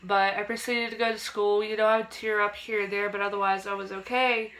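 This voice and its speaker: A woman's voice: medium pitch, little pitch movement, fairly quick, a bit bright, poor audio. A young woman vlogger casually telling a personal ghost story to camera, acting out quotes in a raised childlike voice.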